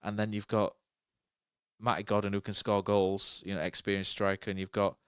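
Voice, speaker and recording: A man with a lowish, smooth voice talks football in a loose, rambling way, leaning on fillers and tag questions as he thinks aloud. The sound is dry and close. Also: flat delivery, moderate pace, dry recording. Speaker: podcast co-host. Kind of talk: casual football chat.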